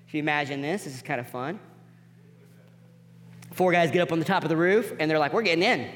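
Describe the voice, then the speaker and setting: Male preacher, higher register, lively storytelling delivery that drops soft for emphasis, in a church hall with a long reverb. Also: a little hiss or hum. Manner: animated, acts out the people in the story with quick voice changes; drops to soft, quiet emphasis on key points. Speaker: pastor. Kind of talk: sermon.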